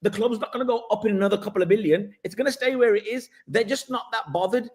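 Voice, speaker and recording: A man's voice: sits high, fast talker, a little mellow. Persistent man pressing his point. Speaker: guest pundit. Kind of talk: casual football debate.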